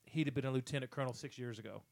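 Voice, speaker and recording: A man co-hosting a casual movie podcast, playful and animated as he retells scenes. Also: medium pitch, rapid-fire, vocal fry. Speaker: podcast co-host.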